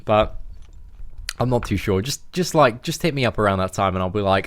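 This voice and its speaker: A man's voice: fairly low pitch, expressive, brisk, fairly bright tone. A young man, chatting in a rambling, slangy way while livestreaming a game from home. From England. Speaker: gaming livestreamer. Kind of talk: casual livestream chat.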